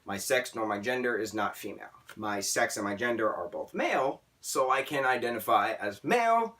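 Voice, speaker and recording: A man talking casually in an opinion vlog, emphatic and animated, often checking in with "right?". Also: medium pitch, moderate pace. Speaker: vlogger. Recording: voice a bit distant from the mic.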